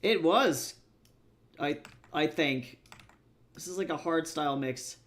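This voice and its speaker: A man streaming as a webcomic artist, chatting casually and thinking out loud in a rambling, self-deprecating way as he works. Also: fairly high pitch, takes it slowly. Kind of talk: casual livestream chat while drawing.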